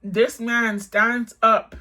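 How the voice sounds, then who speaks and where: A woman telling a casual storytime, animated, with many 'like's and quick jumps up in pitch. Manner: animated, swings high when quoting herself, lots of 'like'.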